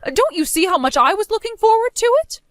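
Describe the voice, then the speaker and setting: A woman's voice: very high voice, expressive, a little fast, no room sound. A woman voicing a spiteful, childish young woman in an amateur voice drama, with a mocking, whiny way of talking. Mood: indignant.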